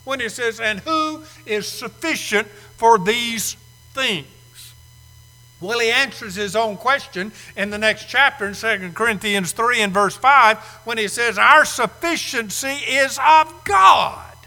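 A man's voice: high-pitched, a little slow, bright, forceful tone. A man in his sixties preaching a sermon, putting heavy stress on key words by drawing them out and firing rhetorical questions at the congregation. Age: 60s. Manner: asks the audience rhetorical questions. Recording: echoey hall.

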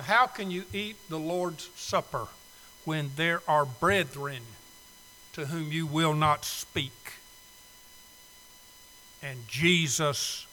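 Male preacher, high bright voice, slow pleading invitation, long hall reverb. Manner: pleading, swells loud then drops soft. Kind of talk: sermon invitation. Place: church sanctuary.

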